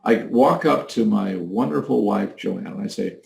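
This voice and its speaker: Male leadership coach, gravelly voice, mid pitch, emphatic teaching delivery, echoey room. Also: lively intonation, a little slow, a little mellow. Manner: coaching, emphatic, demonstrates tones of voice. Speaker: leadership trainer. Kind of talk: recorded leadership training talk.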